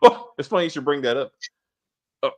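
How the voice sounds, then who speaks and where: Guy hosting a tv recap, bouncy pitch all over, swears a lot, acts out scenes. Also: a little fast. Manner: animated, swearing, acts out characters' lines. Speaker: podcast host. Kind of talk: casual TV review chat.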